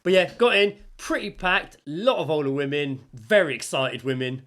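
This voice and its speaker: A man's voice: on the high side, moderate pace, fairly bright tone. A man co-hosting a podcast, telling a story in casual chat and acting out the people he quotes. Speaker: podcast co-host.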